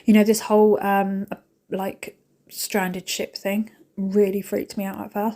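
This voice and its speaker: A woman's voice: mid-range voice, flat delivery, unhurried, dark tone. A British woman chatting casually to her viewers while she cleans. She rambles and talks straight to camera, and she is emotional and pokes fun at herself. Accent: British English. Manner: emotional, self-mocking. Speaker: cleaning vlogger.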